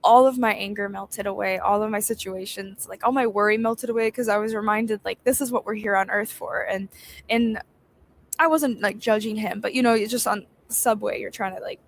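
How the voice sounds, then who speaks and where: A woman's voice: mid-range voice, steady tone, a little fast, slight background noise. A young woman giving a casual devotional talk, chatty and storytelling, laughing often. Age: young adult. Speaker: devotional host.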